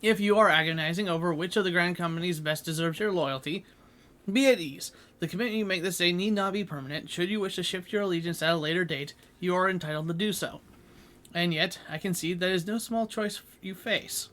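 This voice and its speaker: A composed noble advisor explaining matters in formal, archaic phrasing, read by a man in his own voice. The voice is high and bright for a man, steady and measured. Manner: plain formal reading of archaic dialogue.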